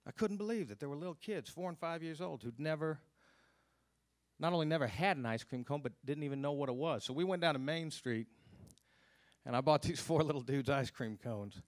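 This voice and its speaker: A man telling a personal story on stage at a live storytelling event, earnest, sinking to hushed low tones at grim moments. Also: fairly quick, dry recording, clean studio sound.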